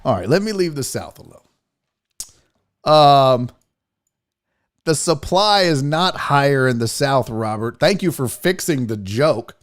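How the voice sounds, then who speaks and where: A man's voice: mid-range voice, lively intonation, unhurried. A man in his forties hosting a sports talk show, bantering casually with jokes and self-mocking asides. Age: 40s.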